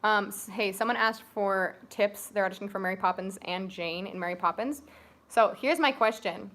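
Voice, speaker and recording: Co-hosting a relaxed family livestream, this young woman talks with her viewers and offers advice on auditions. She speaks at an ordinary pace in a medium-pitched voice that comes across slightly bright.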